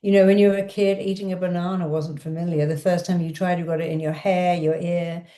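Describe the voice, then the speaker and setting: A woman leading a guided affirmation and hypnosis session, giving repetitive directive instructions that slow into a soothing countdown. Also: lowish voice, level tone, mellow. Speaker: self-help speaker and hypnotherapist.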